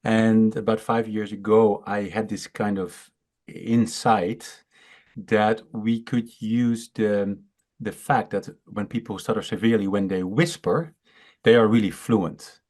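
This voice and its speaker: A man's voice: on the low side, fairly even intonation, a little mellow. A man from the Netherlands with a Dutch accent, a startup founder who stutters, explaining his product with many fillers and restarts. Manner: explanatory, halting. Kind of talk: interview on a video call.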